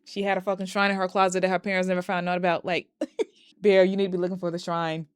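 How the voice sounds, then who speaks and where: A woman recapping a horror movie in a casual, animated and profane way, breaking into laughs. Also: lowish voice, fast, clean tone, no echo, clean studio sound. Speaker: movie reviewer.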